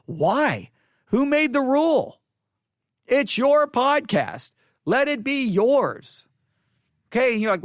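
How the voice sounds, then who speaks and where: Guy doing a solo podcast rant, kinda high voice, dead dry sound, keeps restarting. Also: slow pace, pauses often, dry recording. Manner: animated, repetitive, restarts often. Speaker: podcast host. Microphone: studio microphone.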